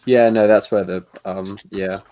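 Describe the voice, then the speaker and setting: Laid-back guy in a voice chat, lowish voice, agrees a lot, lots of ums. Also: fairly even intonation, measured pace, mellow. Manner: agreeable, easygoing, hesitant. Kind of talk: casual group voice chat.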